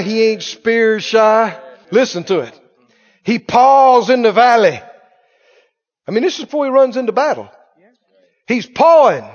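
A male pastor preaching an animated sermon, laughing often and drawing his words out. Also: high-pitched, muffled recording.

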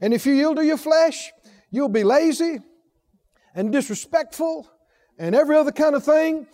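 A man preaching a sermon, emphatic and full of rhetorical questions to the congregation, swinging from soft low asides to loud exhortation. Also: animated, moderate pace.

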